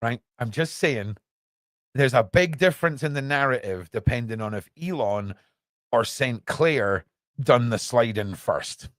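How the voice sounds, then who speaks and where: An animated British man hosts a casual news podcast from a small room under his stairs. He rambles and keeps asking listeners if they agree, in a mid-pitched voice. The sound is close and dry. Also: unhurried, no room sound. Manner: animated and rambling, full of rhetorical questions. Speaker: podcast host.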